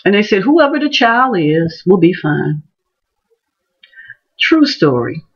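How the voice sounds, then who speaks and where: Animated woman telling a story. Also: medium pitch, takes it slowly, husky, dull audio. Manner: animated, acts out voices in her stories. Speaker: teacher and vlogger. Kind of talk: casual storytelling vlog.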